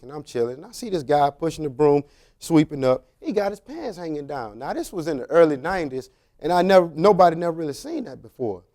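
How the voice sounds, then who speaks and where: A man, a former prison officer, giving a storytelling talk to young men, acting out dialogue in colloquial, loose phrasing. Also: a little high. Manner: animated storytelling with acted-out dialogue; colloquial, drawling street phrasing.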